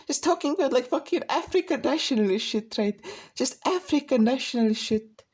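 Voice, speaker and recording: Husky-voiced woman ranting. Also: high voice, lively intonation, normal speed, a little mellow. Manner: rambling, profane, frequent restarts. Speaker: vlogger. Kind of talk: casual ranting commentary.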